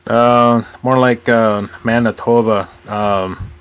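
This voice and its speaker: A man's voice: medium pitch, steady tone, slow pace, clean tone. A young man from Illinois rambling through a casual gaming chat, hesitating with lots of fillers. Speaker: gamer host.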